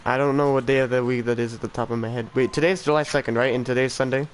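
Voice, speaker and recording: A man's voice: mid-range voice, fairly even intonation, very fast, a little hiss or hum, poor audio. A teenage boy chatting casually on a game stream, rambling and self-deprecating, often trailing off and restarting. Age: teens. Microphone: desk mic for streaming.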